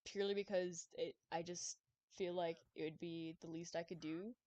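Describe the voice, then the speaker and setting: Excitable young woman streamer, rambling. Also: fairly low pitch, normal speed, dry recording. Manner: excitable, rambling, swears often, stumbles over words. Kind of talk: casual live-stream chat.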